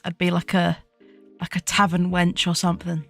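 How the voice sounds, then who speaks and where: A woman's voice: lowish voice, completely flat delivery, normal speed, vocal fry, faint music behind. A young woman streaming as a VTuber, chatting casually while she draws, giggling often, swearing freely and poking fun at herself. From United Kingdom.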